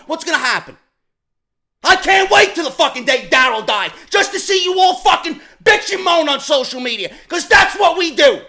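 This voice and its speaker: High, bright-voiced ranting New man. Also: big pitch swings, moderate pace. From New York. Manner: profane, heated ranting that swings from shouting to low muttering. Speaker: YouTube show host. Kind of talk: ranting commentary vlog.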